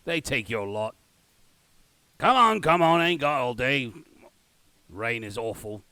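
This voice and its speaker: A man voicing a grumpy male town gate guard in a Cockney accent, gruff and exasperated. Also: mid-range voice, lively intonation, slow pace, sharp tone, no room sound.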